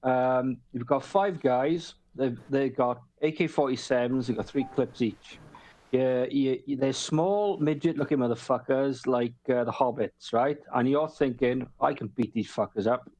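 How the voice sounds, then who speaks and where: A man with an ordinary middle pitch builds a long analogy to make his point. His talk is loose, crude, and full of swearing. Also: unhurried, dark tone. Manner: profane, explains with long analogies. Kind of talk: casual chat.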